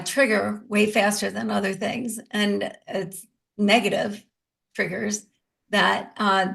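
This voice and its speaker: Woman host, fry-heavy mid voice, casual affirming interviewer. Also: mid-range voice, a bit bright. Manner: conversational, affirming, with fillers. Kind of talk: interview chat.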